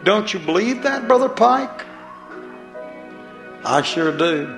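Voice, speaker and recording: A man's voice: high voice, expressive, takes it slowly, creaky, long pauses, fairly bright tone, reverberant, soft background music. A man preaching a fiery sermon, pleading and throwing rhetorical questions at the congregation.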